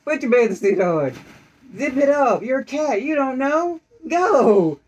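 A woman reads a picture book aloud at home with a bright, high voice. She is playful and coaxing, and breaks off the reading to give quick directions in a game of pretend. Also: lively intonation, poor audio. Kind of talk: home storytime read-aloud with pretend play.

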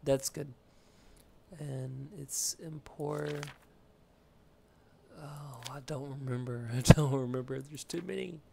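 A man's voice: medium pitch, fairly even intonation, slow pace, gravelly, pauses often, heavy background noise. A man giving loose let's play commentary while playing a game, rambling, joking and swearing casually. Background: video game music.

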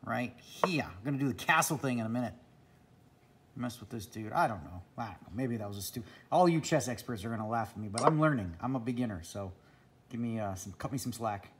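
A man's voice: medium pitch, lively intonation, fairly quick, slight background noise. A man talking casually to camera at home in a vlog, chatty, often laughing and muttering to himself. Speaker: vlogger. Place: home indoors.

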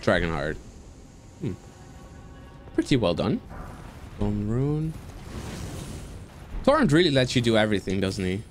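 Streamer man, very lively pitch, swears, talks at the game, faint music under. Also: a little slow, long pauses. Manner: animated, swears, talks to the game, yelps and squeals. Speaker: gaming streamer. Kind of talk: casual gameplay commentary.

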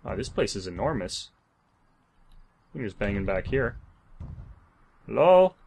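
A man's voice: fairly low pitch, moderate pace, breathy edge. A man commentating his own zombie game playthrough, swearing, joking and talking to himself in exasperation. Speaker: gamer. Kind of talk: let's play commentary.

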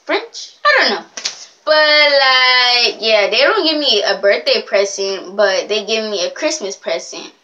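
A woman's voice: fairly high pitch, a little slow, sharp tone, lo-fi sound. A young woman chatting in a rambling, giggly way in a casual vlog. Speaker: vlogger.

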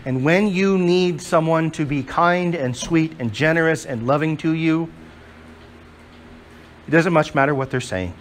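A male pastor preaches to his congregation in a voice that sits high for a man. He is emphatic and leans on rhetorical questions to carry the point. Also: a little slow, a little hiss or hum. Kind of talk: sermon. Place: church before a congregation.

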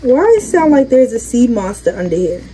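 Brief: young woman, high voice, reactive slangy game commentary, game noise behind. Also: sing-song, moderate pace, warm tone, rough recording. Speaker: gaming creator. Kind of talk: casual gameplay commentary.

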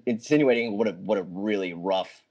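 A man, a filmmaker guest, talking casually on a podcast in a halting way with many restarts. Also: lowish voice, darkish tone, husky, muffled recording.

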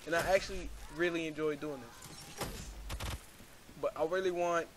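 A young gaming YouTuber talks over his gameplay in an earnest, rambling way, full of fillers. His voice sits a little high for a man. Clear gunfire and game sounds play underneath. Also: steady tone, moderate pace. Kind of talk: casual gameplay commentary. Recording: game audio noise behind.

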